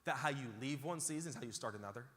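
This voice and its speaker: A man's voice: mid-range voice, lively intonation, racing, a bit bright, a little hiss or hum. A man preaching a sermon as pastor, emphatic and repeating phrases as he calls out to the congregation. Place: large church auditorium. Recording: hall reverb from a large church.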